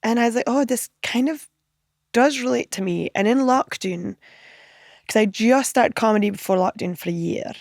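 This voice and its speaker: A woman comedian telling animated anecdotes in a podcast interview, acting out other people's lines and laughing often. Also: on the high side, moderate pace, gravelly, no room sound, clean studio sound. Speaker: comedian guest.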